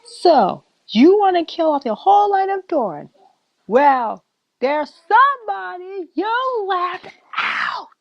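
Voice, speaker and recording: A woman's voice: very high voice, sing-song, takes it slowly, no echo, pitched above the performer's own voice, heavily acted. A woman voicing a fierce, protective female dwarf mother who gives commands. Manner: commanding, scolding. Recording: dull lo-fi recording.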